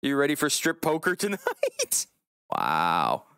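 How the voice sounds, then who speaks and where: Casting: male game streamer, slightly higher voice, loose joking banter, casual cursing. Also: animated, normal speed, a bit bright, no echo, clean studio sound. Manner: joking, swears casually, chats with viewers. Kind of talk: casual live-stream chat while gaming.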